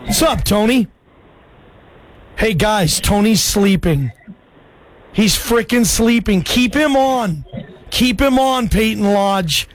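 A man hosting a call-in sports radio show, chatty and excitable, calling listeners bro. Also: high voice, takes it slowly, pauses often. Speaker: radio sports talk host.

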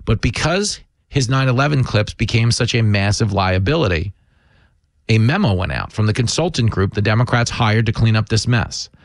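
A man's voice: fairly low pitch, animated, moderate pace, no room sound. A man hosting a show, delivering opinionated political commentary with sarcastic, mocking asides.

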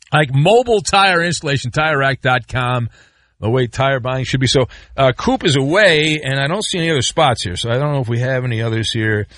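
A man's voice: a little high, dry recording, clean studio sound. A middle-aged man hosting sports talk radio, ranting and joking with mock outrage and rambling asides. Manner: animated, rambling, sarcastic rants with mock outrage.

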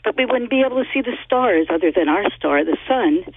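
A woman's voice: mid-range voice, animated, fairly quick, husky, no echo. A woman calling in to a talk radio show from Northern California, eager and chatty, laughing between points, heard over a tinny phone line. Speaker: caller.

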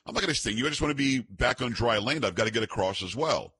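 A sly, wheedling scorpion, as a male radio host puts him on while retelling a fable. Husky and bright-edged, coaxing with a blunt streak underneath. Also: medium pitch, lively intonation, quick pace.

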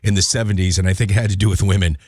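A man's voice: deep voice, fairly even intonation, rapid-fire, a little mellow, dry recording. A man hosting a casual morning radio show, rambling and tripping over his words while making fun of himself, on a studio microphone. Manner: rambling, stumbling, self-mocking.

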